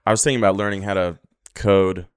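A man trading crude jokes in a loose comedy podcast chat, often slipping into the voices of people he quotes. His voice is smooth and clear, and the sound is close and dry, with no room echo. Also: low-pitched, fairly even intonation, fast.

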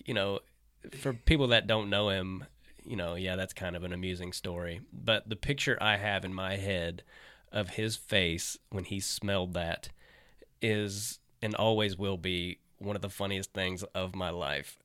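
A man's voice: deep voice, fairly even intonation, measured pace, bright, forceful tone, clean tone, dry recording, studio quality. A middle-aged man, a stand-up comedian, telling a story in casual, laid-back chat, swearing and livening up when he quotes friends.

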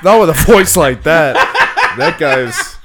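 A man's voice: fairly high pitch, expressive, takes it slowly, loud music behind the voice. A young man co-hosting a podcast, telling a rambling story in casual chat, laughing and mimicking voices. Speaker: podcast co-host.

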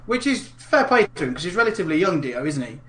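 A man's voice: on the high side, sing-song, fast talker, a bit bright, reverberant. A man co-hosting a casual podcast, playful and fond of mimicking others. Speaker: podcast co-host. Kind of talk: casual chat.

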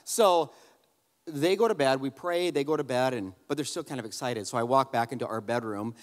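A man preaching a sermon, telling a humorous family story in an animated, conversational way and addressing the crowd directly. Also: mid-range voice, a little fast, in a large hall. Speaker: pastor.

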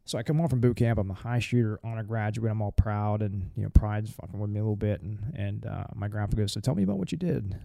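A middle-aged man rattles through blunt, profane stories at a quick clip. His voice is dark and gravelly, with a rough fry. The sound is dry and close, like a studio podcast mic. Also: on the low side, level tone, no echo. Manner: blunt, profane, rambling with restarts. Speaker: firearms instructor and former Marine. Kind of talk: casual podcast storytelling.

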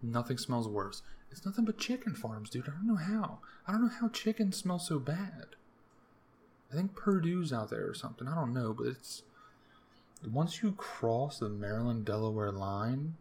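A young man from the US East Coast hosting a podcast alone, rambling through profane, jokey rants with sudden jumps in pitch. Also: a little mellow. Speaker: podcast host. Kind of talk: casual solo rambling monologue.

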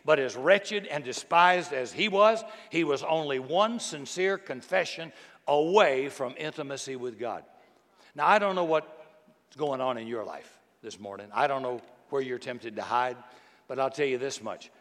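A man preaching a sermon in a folksy, animated way, dropping to hushed tones and bursting out loud. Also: mid-range voice, normal speed. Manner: folksy, animated storytelling with sudden loud outbursts and soft hushed passages. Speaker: pastor. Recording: long reverb from a big hall.

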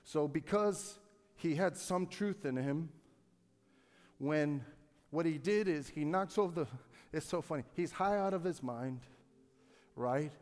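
A pastor preaching a sermon to his congregation, calling for responses and swinging from quiet storytelling to loud, shouted peaks. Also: on the high side, a little slow, pauses often, long reverb tail. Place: church sanctuary.

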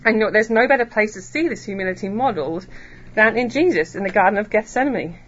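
A woman preacher giving a sermon to a church congregation, earnest and emphatic, slowing down on key phrases. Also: mid-range voice, expressive, fairly bright tone, lo-fi sound, a little hiss or hum. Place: church hall.

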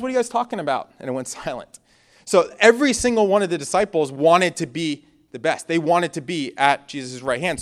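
Animated young man preaching. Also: on the high side. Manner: conversational, animated, swings from loud to quiet. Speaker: pastor. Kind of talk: sermon with personal stories.

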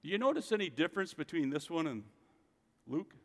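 A man's voice: fairly high pitch, very animated, fairly quick. Preaching man with hall reverb. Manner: emphatic preaching, rhetorical questions. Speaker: pastor. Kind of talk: sermon.

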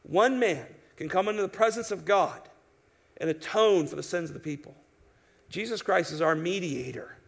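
Gravelly-voiced man preaching a sermon. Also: sits high, normal speed. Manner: emphatic, conversational preaching with rhetorical questions. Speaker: pastor. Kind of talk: expository sermon.

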